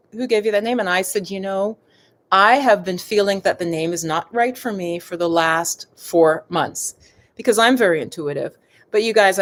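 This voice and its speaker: A middle-aged woman hosting a live stream on yoga and meditation, chatting casually and wandering off on tangents, often calling her viewers "you guys.". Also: mid-range voice.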